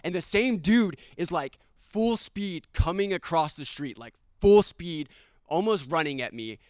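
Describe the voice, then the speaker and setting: A young man tells a personal story at a live storytelling night, animated and quick to laugh, punching up the quotes he acts out. His voice sits a bit high and comes across very clean. The sound is dry and close. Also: no room sound.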